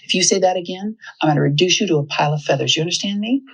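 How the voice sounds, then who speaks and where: A woman voicing a gruff male pet store owner scolding his bird, in a stern, quick manner. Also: fairly low pitch, low-quality recording.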